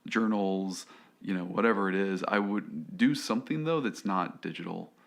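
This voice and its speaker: A man's voice: deep voice, normal speed, gravelly. A man co-hosting a podcast, rambling in casual chat, full of "you know" and restarts.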